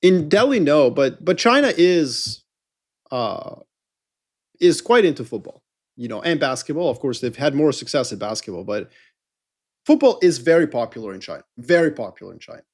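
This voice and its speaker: A man's voice: fairly high pitch, sing-song, moderate pace. A middle-aged man co-hosting a podcast in a casual, rambling, jokey chat. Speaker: podcast co-host.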